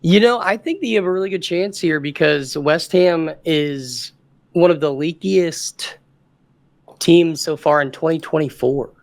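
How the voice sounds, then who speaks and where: A man's voice: fairly high pitch, a little slow, creaky. A man co-hosting a casual football podcast, confidently laying out match predictions. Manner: confident, makes firm predictions. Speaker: podcast co-host. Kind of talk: casual sports chat.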